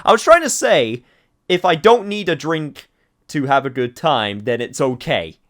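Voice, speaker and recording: A man's voice: on the high side, big pitch swings, measured pace, fairly bright tone. Rambling, self-mocking young gamer guy. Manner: rambling and self-deprecating, laughs at himself. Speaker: game streamer. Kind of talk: let's play commentary.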